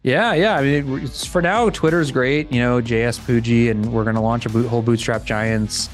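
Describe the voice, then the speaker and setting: A middle-aged podcast guest tells a story in a casual interview, speaking at medium pitch and moderate pace with faint music in the background. He's an animated storyteller who acts out the voices of the people involved.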